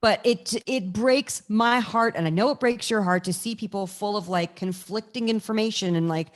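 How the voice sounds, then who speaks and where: A woman's voice: mid-range voice, brisk. A young adult woman co-hosting a podcast in casual, candid chat. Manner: earnest, candid, mimics people in quoted asides. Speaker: podcast co-host.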